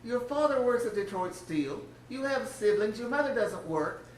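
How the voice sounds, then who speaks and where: An older woman putting on the voice of a stern male test examiner who lectures emphatically and slowly. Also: on the high side, lively intonation, darkish tone, slight background noise, pitched above the performer's own voice, natural voice. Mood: scolding. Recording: roomy, distant church sound.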